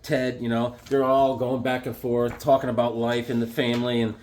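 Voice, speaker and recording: A man casually reviewing comic books, excitable and chatty, breaking into silly voices now and then. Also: medium pitch, moderate pace.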